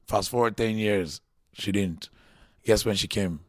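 A man in his thirties, originally from Nigeria, talks through his life story in a loose, lively way, often stopping to restart a sentence. His voice sits low, and the sound is close and dry with no room echo. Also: unhurried. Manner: chatty and animated, restarts a lot, acts out quotes. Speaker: guest, comedian. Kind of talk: casual interview storytelling.

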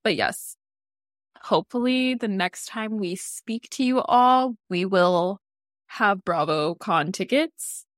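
A woman's voice: mid-range voice, slow pace, dry recording, studio quality. A woman co-hosting a casual podcast chat, rambling with lots of "like"s and laughing often. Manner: giggly, rambling with many "like"s. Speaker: podcast co-host.

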